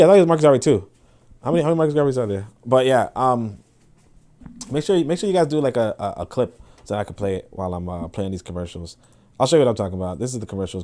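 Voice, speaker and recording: A man hosting a podcast livestream, reading comments and reacting in casual, animated commentary with swearing and repeated words. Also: mid-range voice. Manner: animated, profane, repeats himself. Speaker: podcast host.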